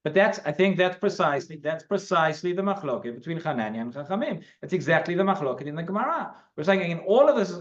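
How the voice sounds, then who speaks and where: A man as a rabbi teaching a class in a synagogue, explaining in an animated way and restarting his sentences often. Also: on the high side. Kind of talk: Talmud class, explaining and debating. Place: synagogue hall. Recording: lo-fi recording.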